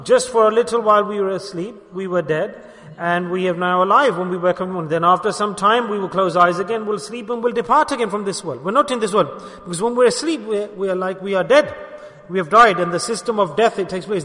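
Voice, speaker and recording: A man's voice: high-pitched, brisk, bright, forceful tone. A man preaching a sermon, earnestly addressing listeners with rhetorical questions. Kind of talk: religious sermon. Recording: long hall reverb.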